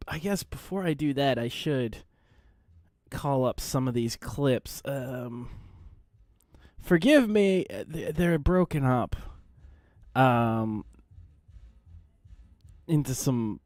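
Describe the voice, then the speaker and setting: A man hosts a reaction video, commenting slowly and hesitantly, full of ums and restarts. His voice is dry and close, with a lively rise and fall. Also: medium pitch, no echo. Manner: hesitant with many fillers. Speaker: host.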